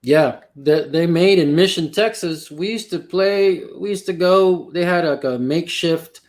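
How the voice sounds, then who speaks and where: A man's voice: a little high, unhurried, darkish tone. Hesitant male interviewer. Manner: hesitant, many fillers. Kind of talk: casual interview chat.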